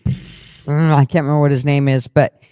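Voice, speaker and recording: A man in casual group chat, rambling through his stories with frequent laughs and swearing. His voice sits a little high for a man. The sound is dry and close. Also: flat delivery, normal speed, dark tone, clear, resonant tone, dry recording. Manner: rambling storyteller, swears freely, laughs often. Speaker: host.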